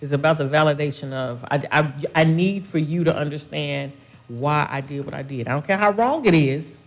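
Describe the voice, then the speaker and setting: A woman co-hosting a casual chat show, earnest and a bit preachy. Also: sits low. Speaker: co-host.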